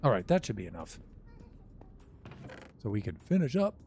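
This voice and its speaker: Older man, low voice, rambling wry game-stream chatter, faint music behind. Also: very animated, moderate pace, vocal fry, mellow. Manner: rambling, wry, self-mocking asides. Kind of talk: casual gameplay chat.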